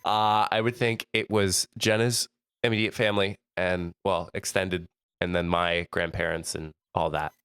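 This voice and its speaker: A man's voice: sits low, flat delivery, moderate pace, a bit bright, clear, resonant tone, dry recording, studio quality. A young adult man co-hosting a podcast, chatting casually and laughing often between jokes. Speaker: podcast co-host. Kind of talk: casual chat.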